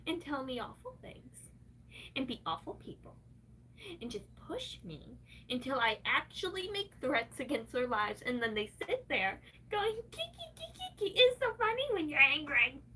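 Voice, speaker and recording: A woman's voice: sits high, big pitch swings, unhurried, fairly bright tone, recorded from a distance, a little hiss or hum. A woman livestreaming, venting in an angry, profane rant.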